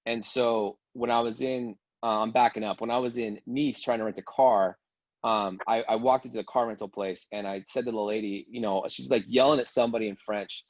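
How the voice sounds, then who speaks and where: A man's voice: mid-range voice, fairly even intonation, fairly quick, no room sound, highs cut off. A man casually telling a long travel story on a video call, rambling with many fillers and restarts. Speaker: game participant sharing a travel story.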